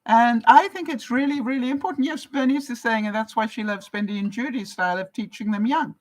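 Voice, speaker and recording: Brisk and fairly high-pitched, this older Canadian woman answers her viewers' comments in an easygoing live chat, with lots of laughter and frequent questions to the audience. The recording is rough.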